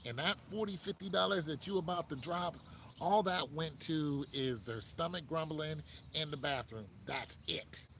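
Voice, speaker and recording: Casual, joking American man, slightly raised pitch, advice monologue, light background noise. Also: moderate pace, vocal fry, fairly bright tone. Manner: laid-back, joking, talks straight to the listener. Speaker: host giving dating advice.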